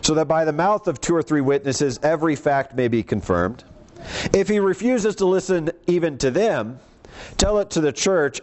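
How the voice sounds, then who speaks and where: A man preaching a sermon, reading scripture aloud and explaining it in a conversational way. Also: a little high. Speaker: pastor.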